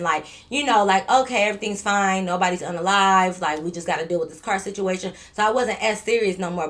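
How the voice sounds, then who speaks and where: Swearing freely and full of energy, this female vlogger recounts a story casually, with some repetition and slight stuttering. Her pitch is medium.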